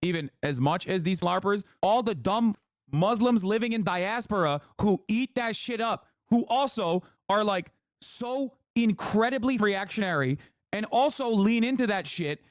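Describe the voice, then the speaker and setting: A man's voice: high-pitched, lively intonation, unhurried, dry recording, studio quality. A man ranting heatedly with plenty of swearing, in a commentary clip.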